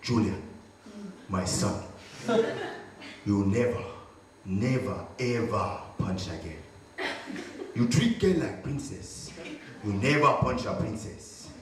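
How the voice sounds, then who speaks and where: A man voicing his stern father, who scolds him in slow, broken English on a stage. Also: lowish voice, expressive, crowd noise, pitched below the performer's own voice. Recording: echoey stage from far off.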